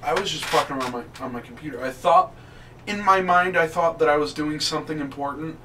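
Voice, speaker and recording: A young man co-hosting a podcast, telling a ghost story in animated, swear-heavy casual chat. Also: a little high, a little fast. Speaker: podcast co-host. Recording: distant mic with faint background noise.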